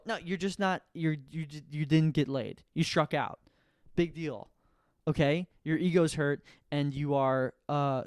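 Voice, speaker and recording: A man's voice: high-pitched, clean tone, no echo, studio quality. A male comedian working out a rambling comic monologue to camera, questioning himself and laughing at his own jokes.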